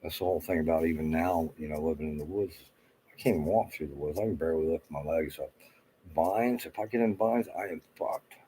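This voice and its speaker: A man's voice: very deep voice, a little fast, warm tone, slight background noise, low-quality recording. An older man rambling on a home livestream, swearing and flustered as he talks to himself at his computer. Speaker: livestream host.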